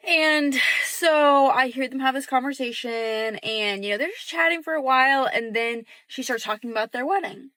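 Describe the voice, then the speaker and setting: A young woman casually telling a story about her roommate, quietly acting out the dialogue. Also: sits high, normal speed, few pauses, no room sound. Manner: chatty, acts out quoted dialogue in a hushed voice.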